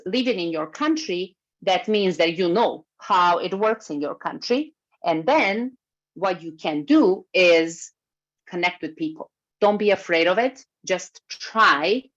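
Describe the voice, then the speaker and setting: Woman giving a lively webinar talk. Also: on the low side. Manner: lively, moves while speaking. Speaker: workshop speaker. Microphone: video call. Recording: slightly muffled video call recording.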